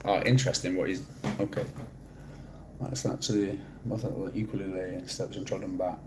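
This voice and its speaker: This is a man from Manchester with a low, deep voice, talking loosely to his livestream viewers. He reacts to comments in a laid-back, dry and sarcastic way and swears casually as he goes. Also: steady tone, moderate pace, noisy background. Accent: Mancunian. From Manchester, England. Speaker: livestreamer reading chat. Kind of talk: casual live-stream chat.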